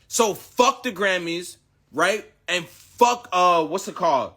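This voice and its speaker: A man's voice: sits high, expressive, takes it slowly, fairly bright tone. A young man from the United States ranting in a casual, rambling, heavily profane way. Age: young adult. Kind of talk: casual rant.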